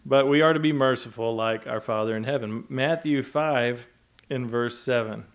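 Gentle, chuckling male preacher. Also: mid-range voice, normal speed. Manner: gentle, conversational, chuckles often. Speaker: pastor. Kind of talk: sermon.

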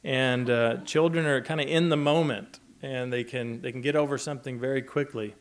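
A man preaching a sermon in a gentle, conversational way, chuckling often as he talks. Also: mid-range voice, steady tone, normal speed. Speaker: pastor.

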